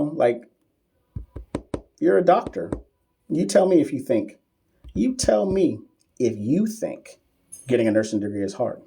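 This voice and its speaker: A man's voice: medium pitch, warm tone. A man talks straight to his camera during a casual live stream, answering viewer questions as an exam coach. He reads comments aloud, jokes with regulars and keeps a loose, friendly, chatty flow. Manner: teasing and familiar with regular viewers.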